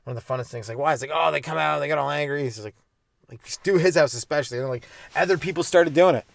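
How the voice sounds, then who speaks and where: Rambling Canadian comic, slightly high voice. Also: male voice, fast, creaky. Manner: rambling, swears, acts out little scenes in mock voices. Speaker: podcast host, stand-up comedian. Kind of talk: solo comedic rant.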